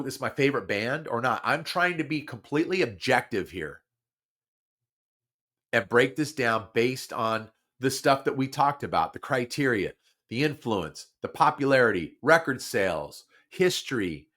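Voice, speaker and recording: A man hosting a talk show, talking casually with lots of restarts and repeats while his nose is stuffed up. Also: mid-range voice. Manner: animated, repeats himself, many restarts. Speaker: podcast host. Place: studio.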